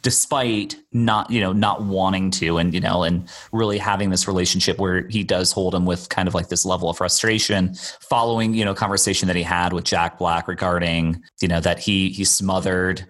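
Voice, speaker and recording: Rambling low-voiced man chatting about films. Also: fairly even intonation, normal speed, a bit bright. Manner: rambling, hesitant, many fillers and restarts. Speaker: podcast co-host. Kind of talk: casual film-discussion chat.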